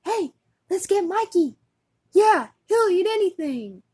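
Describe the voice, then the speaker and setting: A woman putting on squeaky squabbling little boys. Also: slow pace, no room sound, clean studio sound, full character voice. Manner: high, excited, squeaky. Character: squabbling young boys in a cereal ad.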